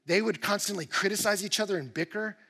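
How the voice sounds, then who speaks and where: A male pastor preaching a sermon in an animated, emphatic way, with rising bursts of energy. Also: high voice, fast, vocal fry, long reverb tail. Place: church auditorium.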